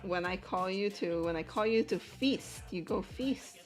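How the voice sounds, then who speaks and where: A woman's voice: mid-range voice, unhurried, soft background music, natural voice. A woman voicing an irritable male war king scolding someone, stumbling over repeated words. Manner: scolding, stammering.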